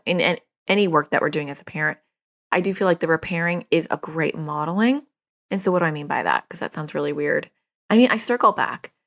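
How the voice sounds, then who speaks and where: A woman's voice: low voice, gravelly, fairly bright tone. A middle-aged woman, a therapist hosting a parenting podcast, talking in a chatty, self-disclosing way with frequent fillers. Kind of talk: casual advice monologue.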